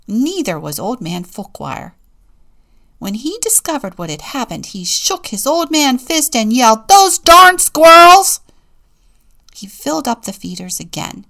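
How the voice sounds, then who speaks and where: Expressive woman deacon reading a storybook. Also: medium pitch, creaky. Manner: expressive, playful storytelling with whispered asides. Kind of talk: reading a picture book aloud.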